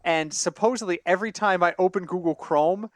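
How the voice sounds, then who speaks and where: A man with a fairly high voice co-hosts a sports podcast, spinning rambling, animated stories full of self-corrections. His voice is close and dry, recorded on a home computer mic over an online call. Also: a little fast, no room sound. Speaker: podcast co-host. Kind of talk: casual sports podcast banter.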